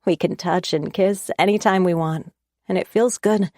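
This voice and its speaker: Low-voiced woman narrating a romance. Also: fairly even intonation, normal speed, darkish tone, no echo, studio quality. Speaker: audiobook narrator. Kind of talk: first-person romance audiobook narration.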